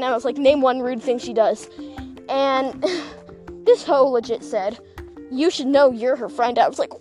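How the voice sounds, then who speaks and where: A woman's voice: high-pitched, measured pace, darkish tone, soft background music. A woman hosting a casual solo podcast, telling a rambling, gossipy story with lots of laughing and self-deprecating, awkward asides. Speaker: podcast host.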